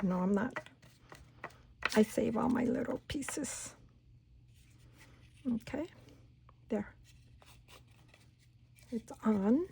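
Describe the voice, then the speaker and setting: A woman hosting a casual crafting tutorial at home, chatting and talking herself through each step, sometimes dropping to a soft whisper. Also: a little high, slow, vocal fry, long pauses, husky. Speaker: craft channel host.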